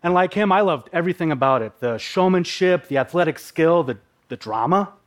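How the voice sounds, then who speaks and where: A man with a slightly high voice tells his own story on stage. He paints scenes vividly and leans on dramatic pauses. He comes from the upper Midwest. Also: expressive. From Minnesota, USA. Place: live talk on a stage.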